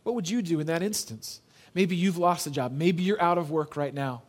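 A pastor preaching a sermon in an earnest, conversational way, telling a story and repeating phrases for emphasis. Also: male voice, on the high side, moderate pace. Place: church.

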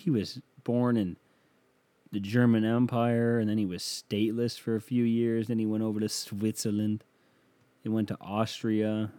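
Crude rambling man, low mellow voice. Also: dry recording. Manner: crude, rambling, self-mocking. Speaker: podcast host. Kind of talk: casual solo podcast rant. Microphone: close studio mic.

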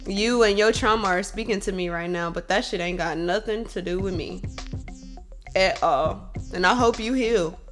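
Woman, bartender, casual storytelling, blunt, profane, animated, mid-pitched voice, faint background music. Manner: blunt, profane, animated, swings between loud venting and calm reflection.

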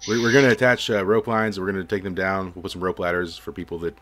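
A man voicing a commanding male guard captain who barks orders loudly. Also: sits low, level tone, fast talker, a little hiss or hum.

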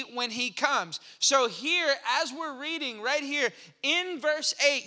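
A male pastor preaching a sermon in an animated, playful way, sometimes stepping into mock dialogue with his listeners. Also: very high voice, in a large hall.

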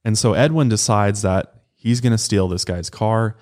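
A man with a notably deep, low voice talks through a true crime story in a relaxed, casual podcast manner. He tells it conversationally and keeps the flow going like he is chatting with a friend. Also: normal speed. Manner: casual, conversational retelling with acted quotes. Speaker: podcast co-host.

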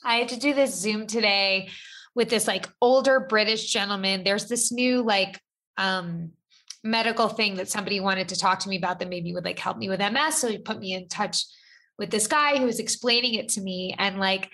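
A woman's voice: mid-range voice, normal speed, pushed and bright. A young adult woman chatting casually as a guest, rambling with lots of fillers. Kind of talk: casual chat.

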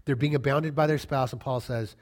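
A man's voice: mid-range voice, fairly even intonation, a little fast. A middle-aged man preaching a sermon as a pastor, conversational and emphatic, repeating key phrases and joking casually with the congregation.

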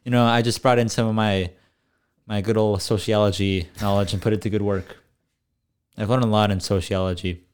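Lower-voiced rambling young man. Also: steady tone, a little fast, smooth. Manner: rambling, full of likes and restarts. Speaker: podcast co-host. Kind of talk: casual chat.

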